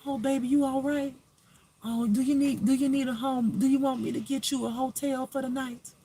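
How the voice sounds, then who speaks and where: A man's voice: extremely high pitch, level tone, normal speed, dark tone, slight background noise, pitched above the performer's own voice, poor audio. A man voicing a falsely sweet, fawning older auntie who coos over people. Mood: fake sweet. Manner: syrupy, cooing, fake-kind.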